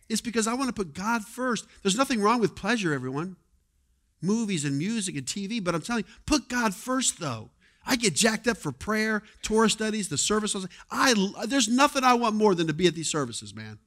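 A male pastor preaching a sermon in a conversational way, moving between quiet asides and loud exhortation. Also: sits high, big pitch swings, fairly quick. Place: church sanctuary.

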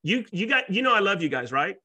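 A man, a realtor and YouTuber, pitching as a guest speaker on a webinar with excitable, salesy energy and folksy exaggeration. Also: fast talker, husky, muffled recording. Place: Florida.

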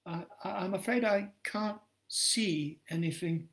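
A man reading a story aloud, voicing a dazed, blinded ghostly woman who speaks softly and haltingly. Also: high voice, voice pushed up.

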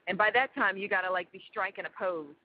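A woman's voice: medium pitch, fast talker, no echo. A woman guest in an interview, telling a vivid story with many fillers. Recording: dull lo-fi audio.

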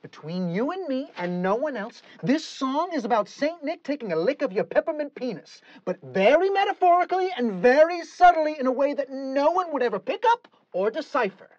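A woman's voice: high voice, sing-song, a little fast, hardly any pauses, darkish tone, no room sound, muffled recording. A woman directing a recording session, exasperated and correcting the singer again and again.

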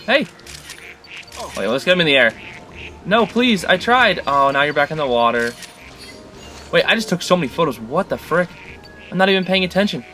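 A man giving let's-play commentary on a game he is playing, excitable and chatty, coaxing the creatures on screen. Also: fairly high pitch, normal speed, pauses often, faint music behind. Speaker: gaming channel host.

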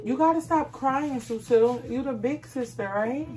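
A woman's voice: sits high, measured pace, a little mellow. A young woman and mother talking casually to her viewers in a family vlog, chatty and coaxing her child along. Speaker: vlogger and mother.

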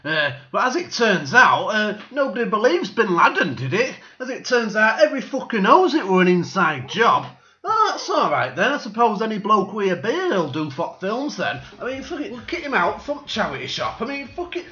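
Sarcastic and swearing constantly, a man rants through a satirical comedy monologue. His high, bright voice swings widely in pitch at a normal speed, while the recording sounds dull, lo-fi and roomy.

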